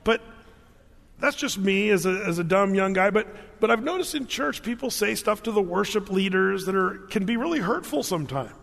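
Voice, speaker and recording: Male pastor, casual funny sermon delivery, higher-pitched voice, long reverb. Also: animated, normal speed, gravelly, a bit bright. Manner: humorous storytelling, conversational. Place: large church hall.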